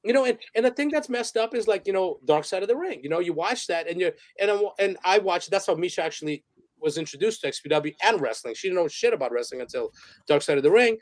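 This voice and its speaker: A man with a fairly high voice tells loose, rambling stories as an interview guest. He swears freely, restarts his sentences and laughs along the way. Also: animated, fast talker. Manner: rambling, profane, laughs while telling stories. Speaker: interview guest, photographer and director. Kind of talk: casual storytelling interview.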